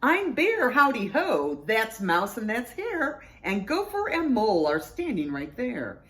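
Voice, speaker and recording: A woman's voice: on the high side, wildly swooping pitch, measured pace, fairly bright tone, voice pushed up, heavily acted. A woman doing a chirpy storybook bear. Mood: friendly, inviting. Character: friendly young male bear, eager.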